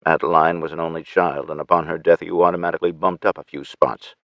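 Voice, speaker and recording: A man narrating an audiobook in first person with measured, steady storytelling. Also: low voice, no room sound, dull audio.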